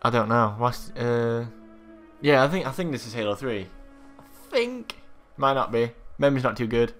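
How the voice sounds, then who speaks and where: A young man commentating his own gameplay, swearing freely, yelling at other players and boasting in jest. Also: medium pitch, brisk, soft background music. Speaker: gaming channel host.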